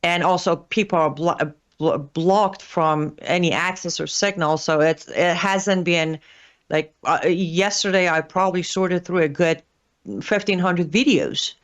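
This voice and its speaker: A woman's voice: on the low side, fairly even intonation, unhurried. A woman commenting as a guest on a talk show, hesitant, with many fillers and restarts. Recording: dull lo-fi audio.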